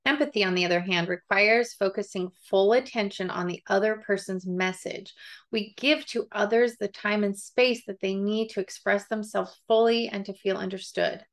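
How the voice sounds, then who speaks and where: A woman's voice: mid-range voice, steady tone, normal speed. Chatty woman reading aloud and musing. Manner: chatty, thinks aloud, laughs often, digressive. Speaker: book club reader. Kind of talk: reading a book aloud with personal asides.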